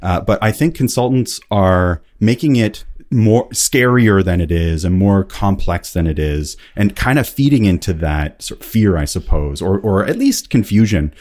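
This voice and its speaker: A man's voice: deep voice, lively intonation, normal speed, few pauses, darkish tone. A man speaking as a consultant and guest on an interview podcast, explaining his work in an easygoing, self-deprecating way. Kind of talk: casual interview chat.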